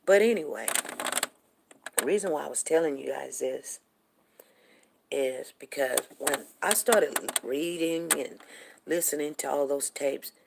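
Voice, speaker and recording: Low-voiced, gravelly woman telling a story. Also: background noise. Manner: animated, repeats words for emphasis. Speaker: show host. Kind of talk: casual storytelling talk.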